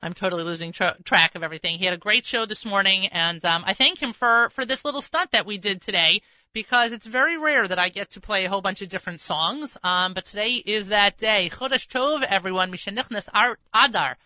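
A woman's voice: mid-range voice, a little fast, bright, forceful tone, no echo, lo-fi sound. A woman hosting a radio show in casual chat from the studio, talking freely, tripping over her words and joking at herself. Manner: chatty, trips over words, self-mocking. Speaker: radio host.

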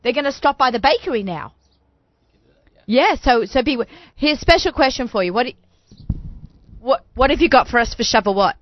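A woman's voice: fairly high pitch, lively intonation, normal speed, long pauses, lo-fi sound, a little hiss or hum. A woman hosting a studio talk show, chatty and bubbly, often talking over her guests. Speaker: host.

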